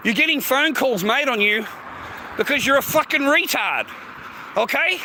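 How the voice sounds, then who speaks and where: A man's voice: very high-pitched, lively intonation, normal speed. A man livestreaming outdoors by the sea, ranting and mocking in a profane, rambling way, calling everyone mate and bro. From United States. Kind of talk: rambling live-stream rant. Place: outdoors near the sea, walking by traffic. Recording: loud street and car noise.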